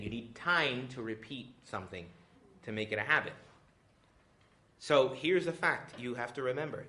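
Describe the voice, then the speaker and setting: Animated joking priest giving a retreat talk. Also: male voice, medium pitch. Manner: joking and animated, acts out little voices. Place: retreat hall with audience.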